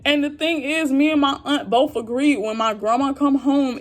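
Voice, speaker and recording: Young woman vlogger, high voice, heartfelt and frustrated, airing family business to her viewers. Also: normal speed, soft background music. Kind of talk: emotional venting to camera.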